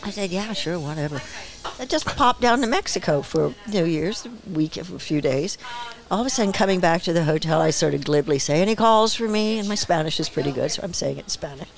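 A woman in her seventies, a guest actress and director, telling stories in a relaxed interview and acting out the voices she quotes, with frequent laughter. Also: deep voice, fairly quick, vocal fry. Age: 70s. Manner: lively storyteller who acts out quoted voices, laughs often. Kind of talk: casual interview storytelling. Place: small bar.

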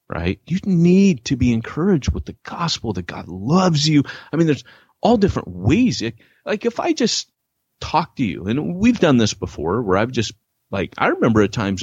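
A man co-hosting a podcast about church planting, chatting casually and telling animated stories, acting out quoted lines. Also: husky, dry recording. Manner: animated storyteller, acts out quotes with big pitch jumps. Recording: dull lo-fi dry podcast audio.

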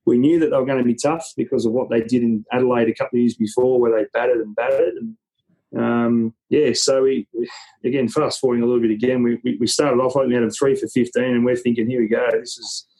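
Rambling husky Australian man. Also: medium pitch, steady tone, fast, mellow, low-quality recording. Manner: rambling with many restarts and fillers. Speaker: interview guest. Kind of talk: casual storytelling.

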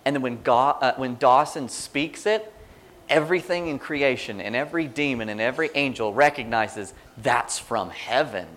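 A man's voice: mid-range voice, normal speed. Conversational male preacher giving a sermon. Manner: conversational, animated preaching with quoted prayers.

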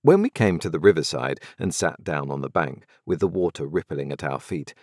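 A man narrating a novel in the first person, measured and reflective. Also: rumbling low, very animated, darkish tone, no room sound, clean studio sound. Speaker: audiobook narrator.

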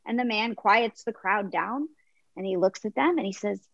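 A woman guest on a faith interview, telling an illustration with lively voices for the crowd. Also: mid-range voice, moderate pace, gravelly, no room sound, highs cut off. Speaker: guest author.

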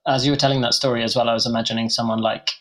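A man's voice: medium pitch, flat delivery, racing, fairly bright tone. A man hosting a casual chat, answering with short, laid-back agreement.

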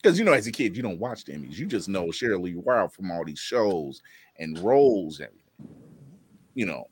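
A man hosting a podcast in casual chat, animated and laughing often. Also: deep voice, fairly quick, husky, dry recording. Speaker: podcast host.

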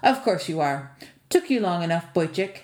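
Brief: sardonic spirit porter, woman reader voicing him, low and clipped, roomy recording. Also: lively intonation, moderate pace, darkish tone, a little hiss or hum, lightly acted. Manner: curt and sardonic. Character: gruff male house spirit, college porter.

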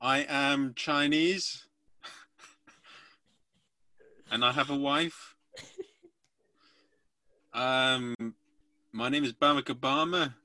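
A man doing a goofy impression of a US president, loud, slow and emphatic. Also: medium pitch, fairly even intonation, no room sound. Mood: mock grand.

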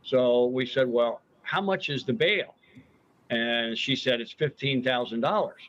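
Slow, halting father in lo-fi audio. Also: medium pitch, fairly bright tone. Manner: halting, with restarts. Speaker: father telling a scam story. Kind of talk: recorded testimony. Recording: dull lo-fi audio.

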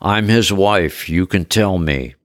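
A man's voice: deep voice, sing-song, a little slow, a bit bright, no echo, studio quality, heavily acted. A man voicing a jealous wife who speaks bitterly and sarcastically. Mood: irritated sarcastic.

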